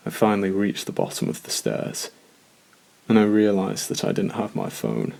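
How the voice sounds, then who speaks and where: A man narrating a first-person horror story in a slow, measured, scripted way. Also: fairly low pitch, very animated, gravelly, a little mellow.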